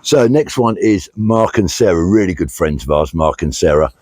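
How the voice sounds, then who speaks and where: A man's voice: low-pitched, lively intonation, normal speed, a little mellow, no room sound. A middle-aged British man hosting a casual vlog outdoors, chatting plainly and reading out thank-yous to donors, with many fillers. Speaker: vlog host, charity walker. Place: outdoors on a country walk.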